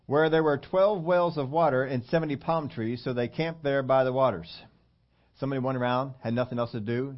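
A man delivers a sermon, mimicking whiny, complaining questions before his voice drops low and slows down for emphasis. The recording sounds dull and lo-fi.

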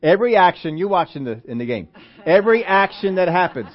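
A man preaching a sermon in a church, animated, acting out quotes and asking the congregation questions. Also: sits high, fast. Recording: dull lo-fi sermon recording.

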